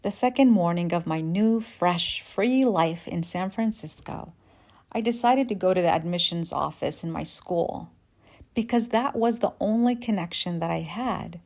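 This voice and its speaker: Woman from Yemen, forties, podcast host, personal storytelling, reflective, slow. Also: fairly low pitch, a little mellow. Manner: reflective, measured narration.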